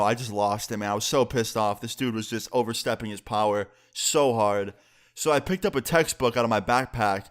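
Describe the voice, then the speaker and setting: A young man telling a profane storytime about school, with sudden jumps in pitch. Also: a bit bright. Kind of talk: casual storytime.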